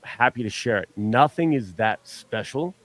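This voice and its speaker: A man at an ordinary middle pitch talks in loose, rambling bursts, often stumbling and restarting his sentences. He is self-deprecating and easygoing as a guest on a fan show. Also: expressive, normal speed, fairly bright tone, no echo. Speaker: superfan guest. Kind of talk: casual chat.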